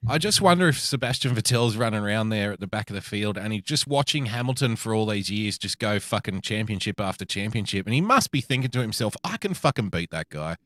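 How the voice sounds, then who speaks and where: A man's voice: lowish voice, animated, quick pace, few pauses, a bit bright, no room sound, studio quality. Profane ranting man. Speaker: podcast co-host. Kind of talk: casual chat.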